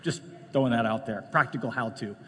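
A man preaching a sermon in a conversational way, jumping from loud, emphatic lines to hushed ones and slipping in joking asides. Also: medium pitch, brisk, breathy edge. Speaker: pastor. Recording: long reverb of a large hall.

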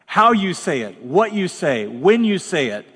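A man's voice: high voice, big pitch swings, a little slow, a bit bright, husky, in a large hall. A man preaching as pastor, talking bluntly and conversationally with dramatic asides. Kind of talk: sermon. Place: large church hall.

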